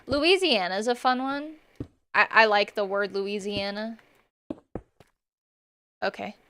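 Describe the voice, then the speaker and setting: A woman streamer rambles casually to her viewers as she plays. Her voice is bright and forward, with a gravelly fry running through it. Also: medium pitch, a little hiss or hum. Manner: rambling, chatting with viewers while playing. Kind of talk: casual gaming chat.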